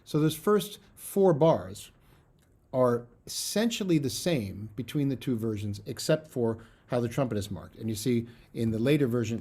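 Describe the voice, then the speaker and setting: A middle-aged man giving a recorded music lecture as a bassoon professor, earnest and emphatic, with fillers. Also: warm tone, breathy edge.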